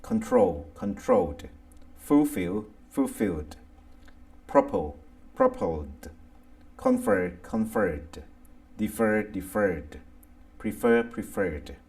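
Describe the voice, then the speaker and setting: A man with a Thai accent reading an English grammar lesson, going deliberately through lists of verbs one by one. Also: fairly low pitch, animated, a little mellow. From Thailand. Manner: slow, deliberate, reads word lists aloud one by one. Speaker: English teacher. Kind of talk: slow scripted grammar lesson.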